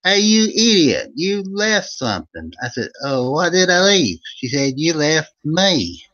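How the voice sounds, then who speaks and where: A man's voice: big pitch swings, a little slow, muffled recording. A man voicing Old Vern, a folksy country storyteller with an Eastern Kentucky accent. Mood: rambling yarn. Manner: loud, high-pitched, rambling yarn-spinning.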